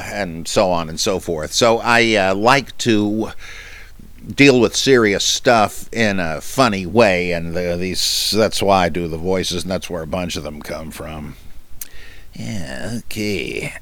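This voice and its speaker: A man hosting a podcast, chatting casually and haltingly with many fillers as he answers listener questions, with self-deprecating humor. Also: sits low, a bit bright, no echo. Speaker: podcast host.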